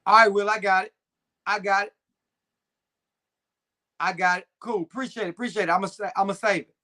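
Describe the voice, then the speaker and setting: This young man's voice is high and bright, pushed forward, with brisk delivery and fairly even intonation. Hosting a live stream, he reads comments from viewers and banters loosely in slang, dropping fillers often.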